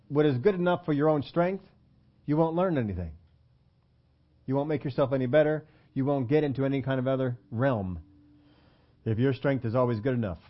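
A man preaching a conversational sermon as pastor, joking about himself and putting questions to his listeners. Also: fairly high pitch. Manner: conversational, self-deprecating, asks the congregation questions. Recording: dull lo-fi sermon audio.

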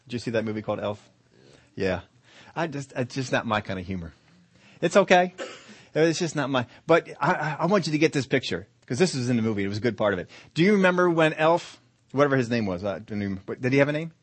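Brief: middle-aged male preacher, storytelling sermon, very lively intonation, dry close recording. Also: mid-range voice, quick pace, long pauses, dry recording. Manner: lively storytelling, asks the audience questions.

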